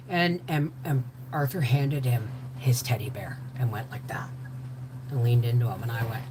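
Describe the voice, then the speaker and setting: An older woman telling a personal story in an animated way, acting out the voices of the people in it. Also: rumbling low, normal speed, slight background noise, poor audio. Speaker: host.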